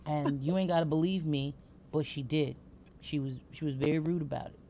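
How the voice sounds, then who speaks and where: A woman's voice: sits low, steady tone, brisk, mellow, a little hiss or hum. A woman hosting a podcast in casual chat, playful and teasing, talking with lots of energy. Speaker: podcast host.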